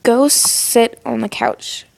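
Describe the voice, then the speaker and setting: An easygoing young woman gives a simple instruction, slow and relaxed, as a woman reading a story voices her. Her tone carries a slight vocal fry. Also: fairly high pitch, no echo, heavily acted, rough recording. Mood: friendly. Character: friendly young woman giving directions.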